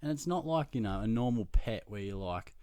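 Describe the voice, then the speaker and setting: A young Australian man with a fairly low voice tells a story in a loose, sweary, self-mocking way. The recording is close and dry, with no room sound. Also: brisk, clean tone, no echo. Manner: animated, profane, self-mocking anecdote telling. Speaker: podcast host. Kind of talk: casual storytelling.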